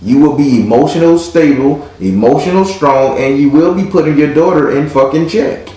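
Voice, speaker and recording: A man's voice: on the high side, moderate pace, mellow. A man giving a live tarot reading in a blunt, profane, hyped-up way. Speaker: tarot reader. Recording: very echoey room.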